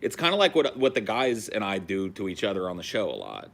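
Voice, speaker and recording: A man's voice: on the low side, huge pitch swings, fairly quick, creaky. A man in his forties from California, hosting a podcast and telling loose, profane stories. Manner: loose, profane storytelling with frequent restarts. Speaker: podcast host. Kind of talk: casual chat.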